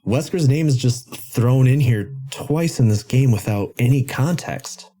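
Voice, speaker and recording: A man hosting a podcast about video games, ranting in an animated, sarcastic way. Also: medium pitch, a little slow, loud music behind the voice. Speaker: podcast host. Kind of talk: casual game-commentary podcast.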